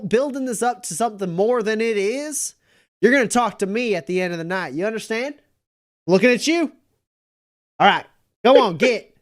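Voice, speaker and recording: Man playing a gruff small-town sheriff. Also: mid-range voice, dry recording, clean studio sound, close to an everyday voice. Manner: blunt, bossy, clipped orders.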